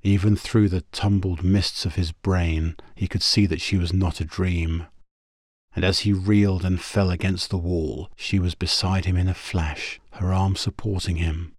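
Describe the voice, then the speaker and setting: A man narrating a pulp science-fiction story in a steady, measured audiobook reading. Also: low-pitched, breathy edge, dry recording, clean studio sound.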